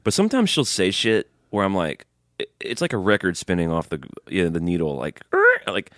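A man's voice: low voice, big pitch swings, fairly quick, no echo, clean studio sound. A man from Alabama co-hosting a comedy podcast, laid-back and wry in casual chat. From Montgomery, Alabama. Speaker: podcast co-host.

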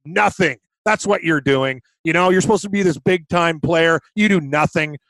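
A male podcast co-host with a slightly higher-than-usual voice, sounding blunt and fed up as he talks through his picks. He rants plainly and directly. The recording is close and dry. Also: moderate pace, fairly bright tone, no echo. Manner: blunt, exasperated ranting. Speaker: podcast co-host, hockey betting. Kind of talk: casual sports betting chat.

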